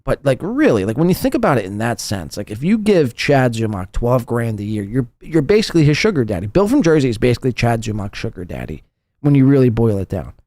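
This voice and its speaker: A man's voice: medium pitch, very animated, quick pace, warm tone, no room sound, studio quality. A man hosting a live podcast, mocking and profane in casual commentary. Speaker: podcast host.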